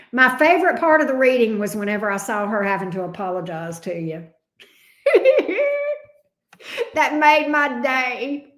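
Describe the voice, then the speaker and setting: A woman's voice: a little high, fairly bright tone, reverberant. A woman with a Southern US accent, a tarot reader chatting casually with viewers on a livestream, laughing often and swearing freely. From coastal Alabama, US.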